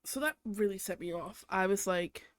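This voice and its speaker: Swearing nonstop, a young woman airs grievances about ordinary frustrations and her boyfriend on a podcast she hosts alone. Her medium-pitched voice keeps a moderate pace, recorded without echo.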